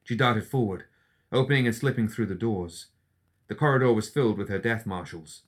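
A man with a fairly low voice narrates a fantasy audiobook. He reads in a steady, even storytelling manner. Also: a little fast. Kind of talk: scripted fiction narration.

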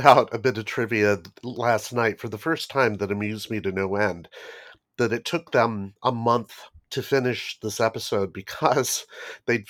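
Lower-voiced man, amused guest. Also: a bit bright, no room sound, studio quality. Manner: amused, laughs while telling trivia. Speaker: podcast guest. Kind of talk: casual chat.

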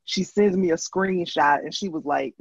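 A man in casual conversation, an animated storyteller who laughs often and acts out what others said. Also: on the high side, moderate pace, creaky, breathy edge, no echo. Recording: dull dry lo-fi sound.

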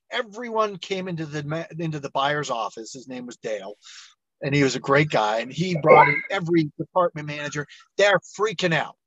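A middle-aged man, an entrepreneur guest on an interview show, telling his story with lively acted-out dialogue. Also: fairly high pitch, rough recording. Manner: animated storyteller, acts out quoted dialogue.

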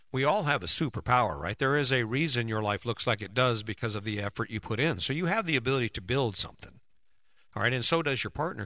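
A middle-aged man with a bright, forceful, medium-pitched voice gives a conversational motivational talk as a relationship coach. He keeps checking in with "right?" throughout, and the recording has no echo.

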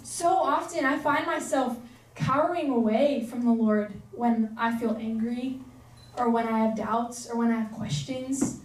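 A young woman preacher gives a casual, earnest sermon, chatty and full of fillers. Her unhurried voice is on the high side, with a little hiss or hum, and she sounds far off in an echoey room.

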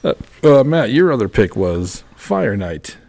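A man hosting a casual podcast chat, handing off between segments with quick, easygoing segues. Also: medium pitch, sing-song, vocal fry, a little mellow. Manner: brisk segues, quick reactions and ribbing. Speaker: podcast host.

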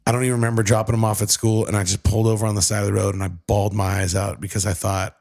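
A man in his thirties with a somewhat low voice shares an emotional personal story. He talks in a casual, run-on way, dropping "like" and "dude" often. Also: level tone, fast talker, a little mellow. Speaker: husband telling a family story.

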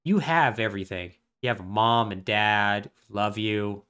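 Guy doing a sulky broke young friend, voice dropped low and mopey. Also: moderate pace, sharp tone, smooth. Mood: self-pitying. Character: young man, broke childhood friend, self-pitying.

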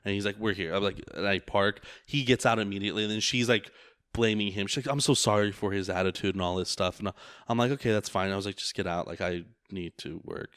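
A man's voice: lowish voice, fast talker, fairly bright tone, clean tone, no echo, studio quality. A man who drives for a rideshare service, telling a story in casual chat, rambling and profane with lots of filler words.

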